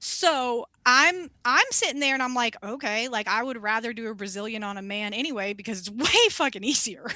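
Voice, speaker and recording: A young woman, a wax specialist, telling an animated story in casual chat, swearing and acting out the voices of the people in it. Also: a little high, a little fast, few pauses, dry recording.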